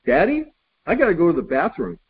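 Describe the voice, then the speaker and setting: A man's voice: high-pitched, big pitch swings, brisk, vocal fry, slightly rough, narrow, tinny audio, pitched above the performer's own voice, full character voice. A man putting on a pleading little boy. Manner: whiny, persistent asking.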